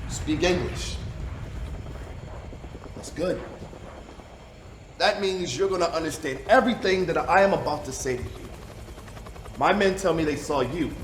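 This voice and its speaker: An actor playing a menacing American soldier who interrogates and threatens a prisoner, mocking him and shouting in bursts. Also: male voice, sits high, reverberant, slight background noise, full character voice. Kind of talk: indie film drama.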